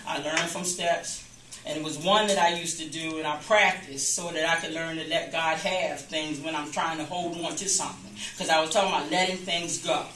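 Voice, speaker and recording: Woman minister, casual Bible-class teacher, bright sharp tone, restarts and repeats, distant echoey room recording. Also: on the low side, a little hiss or hum. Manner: talks informally, repeats and restarts phrases, acts out quoted voices. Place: church classroom.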